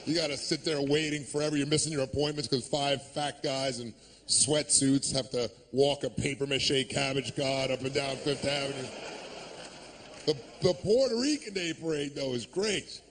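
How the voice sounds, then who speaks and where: A man doing a stand-up routine on a club stage, ranting sarcastically and acting out shouted street voices on a handheld mic. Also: mid-range voice, normal speed, slight background noise. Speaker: stand-up comedian.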